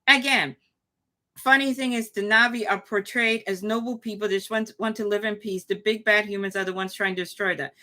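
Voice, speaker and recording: Woman, show host, live commentary, emphatic, lots of restarts, bright tense voice. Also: medium pitch, brisk. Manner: animated, emphatic, talks with frequent restarts. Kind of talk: live commentary reacting to chat.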